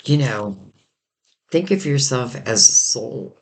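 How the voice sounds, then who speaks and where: A man's voice: mid-range voice, expressive, slow pace. A man giving a casual tarot reading in a rambling, reflective way, full of fillers, while his voice is going. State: losing his voice. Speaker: tarot reader.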